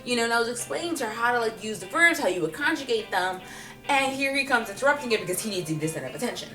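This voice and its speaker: A young woman vlogger telling comedic stories about acting, with an animated, playful delivery and goofy voices for the people she describes. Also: on the high side, very fast, echoey room, far from the mic, faint music behind. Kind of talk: comedic storytelling vlog.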